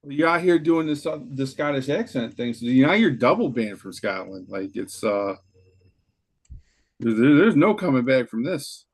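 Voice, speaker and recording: A man's voice: medium pitch, animated, normal speed. A man co-hosting a casual livestream, chiming in with playful, teasing remarks. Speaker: co-host. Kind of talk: casual chat.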